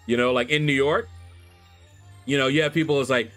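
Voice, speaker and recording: A Kentucky man with a mid-range voice hosts a relaxed livestream, chatting casually with viewers and telling lively stories into a desk USB microphone. He talks fairly quickly with long pauses, laughing and squealing in playful mock voices. Faint music plays in the background.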